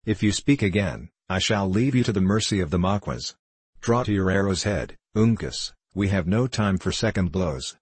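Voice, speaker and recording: A man's voice: deep voice, animated, normal speed, slightly rough, no echo. A man reading aloud, voicing a grave, commanding frontier scout in an audiobook. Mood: stern. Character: stern gruff frontier scout, older man.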